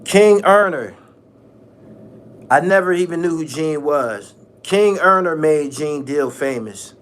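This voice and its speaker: Animated, mocking man on a vlog rant. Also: on the high side, slow pace. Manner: animated, mocking, repeats phrases, laughs often. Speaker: channel host.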